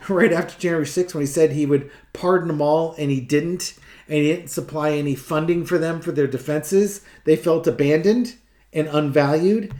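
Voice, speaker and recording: A man's voice: on the high side, warm tone, reverberant. A man giving a casual tarot reading, talking in a rambling, sarcastic way with many restarts. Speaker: tarot reader.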